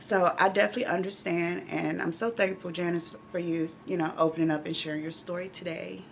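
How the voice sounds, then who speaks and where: A middle-aged woman living with myeloma hosts her own channel, speaking openly, emotionally and directly to viewers in a heartfelt, casual vlog. Her voice is fairly low with vocal fry and fairly even intonation, and she talks briskly. Slight background noise is audible.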